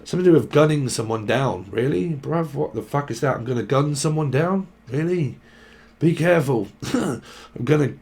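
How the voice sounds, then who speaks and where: A man's voice: medium pitch, expressive, moderate pace, vocal fry. A man giving a rambling, casual tarot reading, swearing and jumping between word associations. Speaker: tarot reader.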